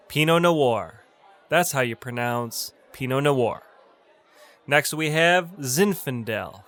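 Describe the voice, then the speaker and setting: A young adult man teaching a bartending lesson, slowly and deliberately over-enunciating each name and repeating it. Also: fairly high pitch, bright, forceful tone. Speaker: bartending instructor. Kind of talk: tutorial, pronunciation drill.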